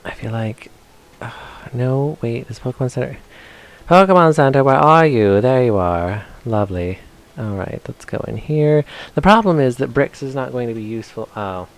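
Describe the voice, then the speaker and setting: A man's voice: medium pitch, lively intonation, moderate pace. A man chatting playfully while streaming a video game, sometimes reading game text aloud in silly voices. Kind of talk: casual live-stream commentary.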